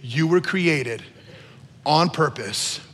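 A male pastor with a high, bright, forceful voice preaches to his congregation. His words ring out in a church hall with a long reverb tail, and he repeats key lines and rises to loud, emphatic peaks. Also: lively intonation, drawn-out words. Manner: repeats phrases for emphasis, asks the room to respond. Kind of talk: sermon.

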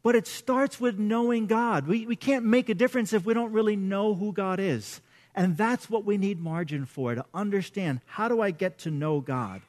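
A man's voice: high-pitched, normal speed, darkish tone. A middle-aged man, a pastor, preaching a conversational sermon with casual storytelling and self-deprecating humor.

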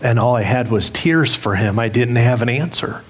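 A man's voice: mid-range voice, normal speed. A middle-aged man preaching a sermon as pastor, candid and self-deprecating as he tells a story with humor. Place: church sanctuary.

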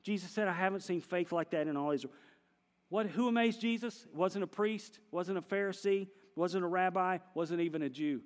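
Animated pastor preaching in a hall. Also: male voice, a little high. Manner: animated, swings between hushed and loud. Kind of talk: sermon.

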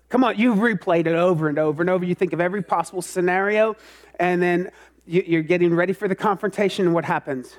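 A man with a fairly high voice preaches an animated sermon. He pokes fun at himself and now and then breaks into loud, rising outbursts. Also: fast talker. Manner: animated, self-mocking, swings into loud outbursts. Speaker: pastor.

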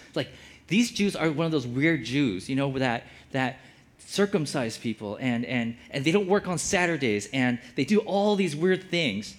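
A man's voice: medium pitch, animated, normal speed. Chatty man teaching from the Bible. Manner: conversational, lots of "like" fillers, acts out quotes. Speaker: preacher.

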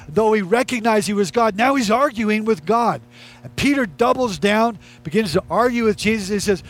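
A man's voice: sits high, normal speed. A male pastor preaching a sermon in a conversational, emphatic way, repeating his key lines.

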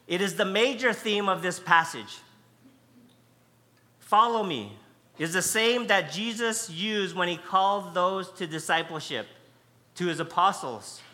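A man's voice: high voice, moderate pace, pushed and bright. A man preaching a sermon, emphatic and conversational, stressing key words by repeating them. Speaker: pastor.

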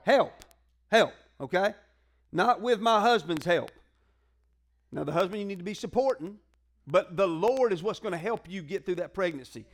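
Male preacher, high-pitched, chatty call-and-response sermon delivery. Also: expressive, normal speed. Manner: conversational, call-and-response preaching with colloquial asides. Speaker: pastor.

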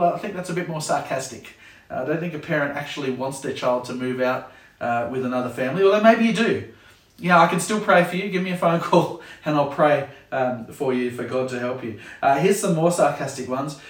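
A man's voice: fairly high pitch, brisk. A man who leads a kids club, chatting casually to camera with a jokey manner and acting out parents' sayings. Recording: roomy sound from a distant mic.

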